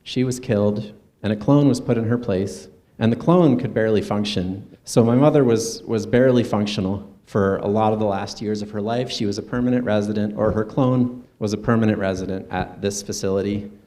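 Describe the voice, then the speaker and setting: A man speaking earnestly at a conference, in a conversational presentation with soft asides. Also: lowish voice, fairly quick. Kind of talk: personal stage presentation. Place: conference stage.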